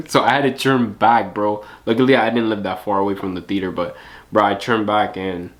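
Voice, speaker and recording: A man reacts to a video in loose, casual chat, full of slang and "bro." His voice sits a bit low, relaxed and unhurried, as he swaps his own work stories. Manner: laid-back slang, says "bro" a lot.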